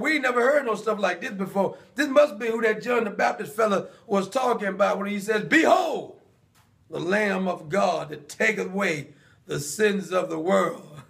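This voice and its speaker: Man, sermon, high-pitched, gravelly, animated storytelling. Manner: animated storytelling, acting out the dialogue with laughs. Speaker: preacher.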